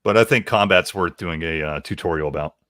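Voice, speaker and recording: Calm, very deep-voiced man. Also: a little fast, dry recording. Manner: calm, explanatory. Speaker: game master. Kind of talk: casual chat.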